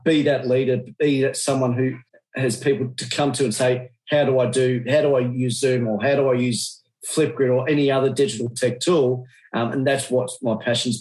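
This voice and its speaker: An Australian man speaking as a podcast guest, earnest and conversational. He often restarts his phrases and acts out what he would say to people. His pitch sits in the middle for a man. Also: darkish tone, poor audio. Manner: earnest, with frequent restarts and quoted self-talk. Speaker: teacher and digital learning coach, podcast guest. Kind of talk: conversational interview answers.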